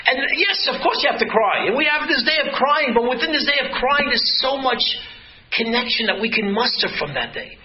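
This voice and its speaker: A man's voice: very high-pitched, expressive, fairly quick. A man giving an earnest, emphatic Torah talk, often restarting his sentences. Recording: dull lo-fi sound with faint noise.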